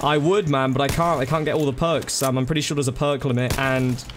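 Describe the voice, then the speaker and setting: A man's voice: medium pitch, steady tone, fairly quick, a little hiss or hum. A man chatting casually to viewers during a live gaming stream, thanking them by name and calling them bro and dude.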